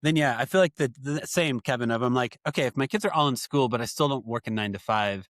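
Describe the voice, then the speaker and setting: A male podcast host talks in loose, rambling casual conversation, poking fun at himself as he goes. His voice sits at an ordinary mid pitch. The recording is close and dry, with no room sound. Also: quick pace, fairly bright tone, no echo. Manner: rambling, self-deprecating, jokey. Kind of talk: casual chat.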